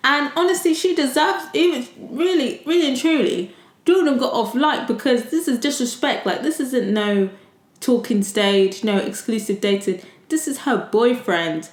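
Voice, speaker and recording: A woman hosting a podcast and recapping a reality show episode in casual, animated chat, swearing freely. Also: sits high, normal speed, roomy sound. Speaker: podcast host. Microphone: desktop USB mic.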